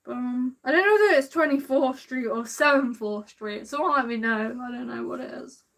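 A woman live-streaming a game, chatting warmly and excitably with her viewers and drawling a repeated sing-song catchphrase. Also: high voice, normal speed, creaky. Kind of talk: live gameplay commentary.

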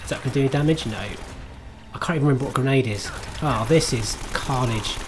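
A man's voice: mid-range voice, brisk, noisy background. A man streaming himself playing a game, chatting to viewers in a self-mocking way, swearing and laughing at his own mistakes. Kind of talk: live gameplay commentary.

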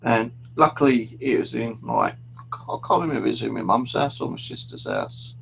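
A man's voice: medium pitch, huge pitch swings, normal speed, creaky, fairly bright tone, slight background noise, low-quality recording. A middle-aged man hosting a paranormal stream from home, telling rambling stories casually and swearing freely. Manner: swears freely, storytelling with restarts. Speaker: paranormal livestream host.

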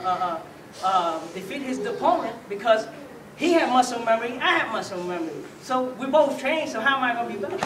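A woman instructor walks students through a martial arts demonstration, animated and punctuating points with bursts of sound effects. Her fairly high voice sits back from the mic in a roomy, echoing space. Loud ambient noise runs underneath. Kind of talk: live demonstration lesson. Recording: echoey room, far from mic, loud background noise.

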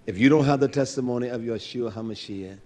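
A man's voice: mid-range voice, fast, mellow. A male preacher delivering a fervent, blunt sermon, repeating his phrases and calling out to the congregation.

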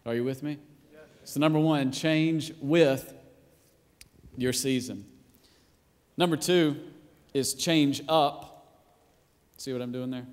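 A male pastor preaching a sermon in a church in a casual, playful way, acting out quotes and sometimes shouting. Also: medium pitch, a little slow, pauses often. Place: church auditorium. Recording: long hall reverb.

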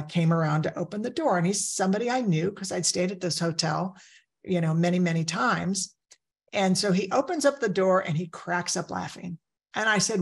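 Gravelly-voiced woman giving a training talk. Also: lowish voice. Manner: conversational, storytelling with personal anecdotes. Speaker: crisis care trainer. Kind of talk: training presentation.

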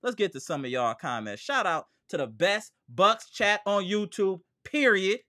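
Guy hosting a live hoops fan stream, bright voice, ranting and slangy, swings loud and low. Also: expressive, measured pace. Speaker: sports podcast host.

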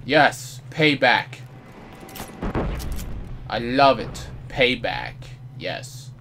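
A man commentating his online match live, his pitch leaping all over as he trash-talks with mock outrage. He drawls along at an unhurried pace. A faint hiss sits under his voice. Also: lively intonation, pushed and bright. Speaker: gameplay commentator.

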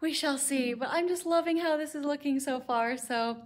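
A young woman with a high-pitched voice, a book vlogger, chats casually at a moderate pace in a home vlog from her home library room. She's giggly and uses plenty of fillers.

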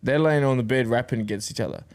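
A young man chats casually on a podcast. He tells long, rambling stories and breaks into laughter often. His voice sits at an ordinary middle pitch. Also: quick pace, darkish tone. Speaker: podcast co-host. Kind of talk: casual chat.

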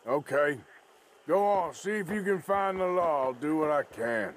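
A man's voice: fairly high pitch, measured pace, a little hiss or hum, close to an everyday voice. An actor voicing a blunt male outlaw gunslinger in a western video game, curt and dry.

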